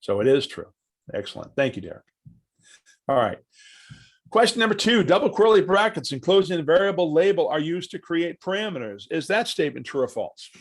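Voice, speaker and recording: A man leading a live online software training, walking through each step aloud and quizzing the class with true-or-false questions. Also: fairly high pitch, big pitch swings, fairly quick. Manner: chatty, asks the class questions, walks through steps aloud.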